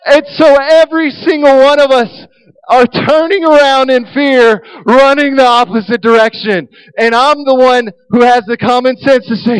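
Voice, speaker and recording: A man preaching a sermon, telling a humorous story in an animated way. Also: extremely high pitch, a little slow, clear, resonant tone, poor audio.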